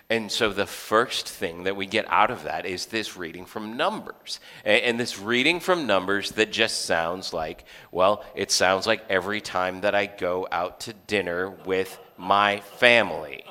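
A man's voice: sits low, measured pace, few pauses, bright, forceful tone. A man preaching a sermon as a pastor in a church, conversational, with joking asides and frequent restarts. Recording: long hall reverb.

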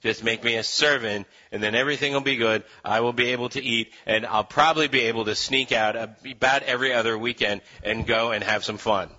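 Man doing scheming younger brother, eager, bright voice. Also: medium pitch, steady tone, fairly quick, hardly any pauses, lo-fi sound. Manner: plotting, eager.

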